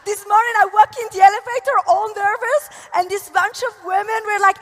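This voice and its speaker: A woman with an Italian accent giving an animated, gushing motivational talk from a convention stage. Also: extremely high pitch, a little fast, few pauses. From Italy. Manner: animated, gushing, lots of laughs. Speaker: conference speaker. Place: large convention hall. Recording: echoey hall reverb.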